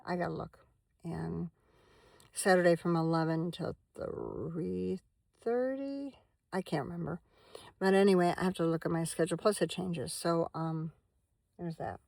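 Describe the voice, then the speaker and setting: A woman's voice: lowish voice, steady tone, a little slow, creaky, darkish tone, no echo. A woman chatting casually to camera from inside her van at night, rambling from one thing to the next. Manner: rambling, chatty, talks to her dog in between. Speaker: vlogger and minister.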